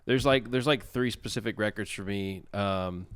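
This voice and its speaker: A man's voice: fairly low pitch, moderate pace, clean tone, no room sound, clean studio sound. A man co-hosting a podcast, bantering playfully in casual chat about music. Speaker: podcast co-host.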